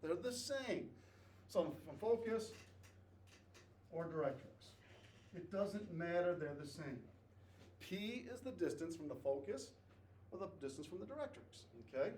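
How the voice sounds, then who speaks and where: A man's voice: high-pitched, expressive, a little slow, pauses often, darkish tone. A male math teacher lecturing a class, repeating key points and checking in with "okay?". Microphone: distant camera mic. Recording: echoey classroom from far off, faint noise.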